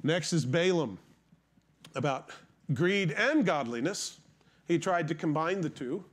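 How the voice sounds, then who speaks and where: Animated storytelling male preacher. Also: fairly high pitch, unhurried. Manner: storytelling, animated, addresses congregation. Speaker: pastor. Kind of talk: sermon.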